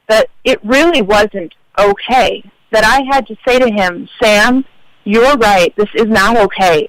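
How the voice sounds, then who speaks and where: A woman's voice: mid-range voice, a bit bright, dry recording, low-quality recording. A woman in her forties, a guest author on a radio interview show, telling personal stories in a reflective, earnest way.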